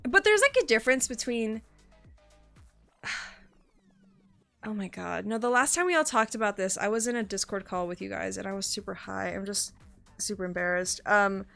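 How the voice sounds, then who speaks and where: A young woman streaming and chatting casually with her viewers, excitable and quick to swear, gasp and laugh. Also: medium pitch, gravelly, soft background music. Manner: excitable, swears freely, gasps and laughs often.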